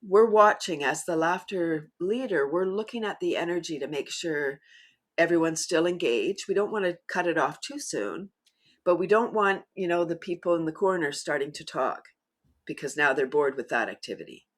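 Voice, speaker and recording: A middle-aged woman who leads laughter yoga, talking as a guest in an animated way and often breaking into demonstration laughs. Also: on the low side, normal speed. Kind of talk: conversational interview.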